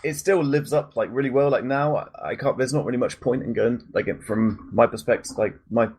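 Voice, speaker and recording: Brief: male co-host, chatty, filler-heavy, mid-pitched everyday voice. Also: fairly quick, a little mellow, slightly rough. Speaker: podcast co-host. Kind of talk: casual podcast chat.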